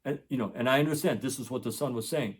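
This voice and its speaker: Speaking quickly with a breathy edge and a medium pitch, a middle-aged tutor who runs an education channel tells a story in casual monologue form. He earnestly repeats his points to drive them home.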